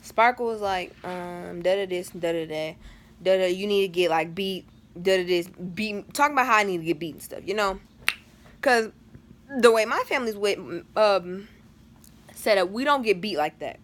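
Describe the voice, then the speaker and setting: A woman's voice: medium pitch, moderate pace. Chatty teen girl telling a story. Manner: chatty, dramatic, lots of slang and fillers. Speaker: vlogger. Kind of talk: casual storytime vlog.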